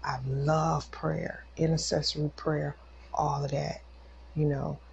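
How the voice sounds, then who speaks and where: A woman podcast host shares a personal faith testimony casually and emotionally, acting out the voices of people in her story. Her voice is low, gravelly and level, with a slow pace. The highs are cut off and there is slight background noise.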